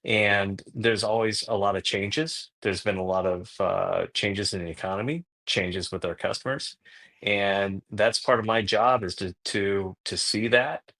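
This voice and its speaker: A man as a podcast guest, answering steadily with pauses and filler sounds. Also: fairly low pitch, sharp tone. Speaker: guest, company representative. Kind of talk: interview answer.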